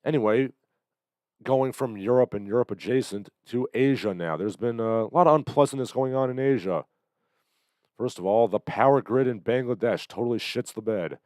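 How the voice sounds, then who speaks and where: A man hosting a livestream, commenting on the news in a sardonic, halting way with lots of fillers, still getting over an illness. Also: mid-range voice, darkish tone, no room sound. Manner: sardonic, hesitant with many fillers. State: recovering from illness, coughing. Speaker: livestream host.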